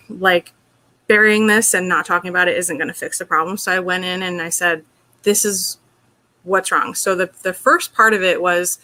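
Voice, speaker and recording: An interview guest with a fairly low, sharp-toned voice tells a personal story. She comes across as earnest and open, sprinkling in lots of "like" and "you know."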